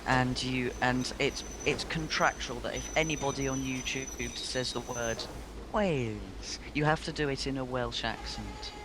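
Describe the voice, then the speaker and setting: A man chats over a shared train game, hesitating often and filling gaps with ums and dry jokes. His voice sits at an ordinary pitch, with steady background noise clearly audible on his line. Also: moderate pace, few pauses. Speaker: co-host. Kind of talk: casual gameplay chat.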